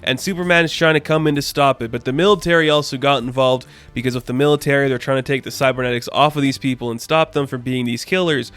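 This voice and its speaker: A man's voice: medium pitch, fairly even intonation, quick pace, few pauses, a bit bright, clear, resonant tone. A man giving a casual comic book review, chatty and full of fillers, loosely paraphrasing what the characters say.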